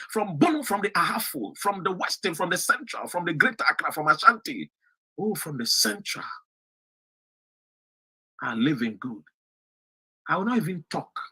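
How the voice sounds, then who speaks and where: A man from Ghana with a Ghanaian English accent, giving an impassioned political speech that swings from shouts to low, pointed emphasis. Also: husky. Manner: fiery, rising to shouts and dropping to low emphasis. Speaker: political commentator.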